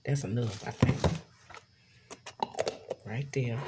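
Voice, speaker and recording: Low, slow-talking woman. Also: heavy background noise. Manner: chatty, addresses viewers as y'all. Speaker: cooking vlogger. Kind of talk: casual cooking vlog. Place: home kitchen.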